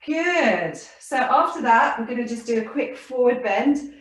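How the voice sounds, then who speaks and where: Echoey woman gently guiding kids' yoga. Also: fairly high pitch, animated, measured pace, far from the mic. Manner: gentle, encouraging, laughs often. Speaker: children's yoga teacher. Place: home room with her dog and cat. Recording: very echoey room, voice from off-mic.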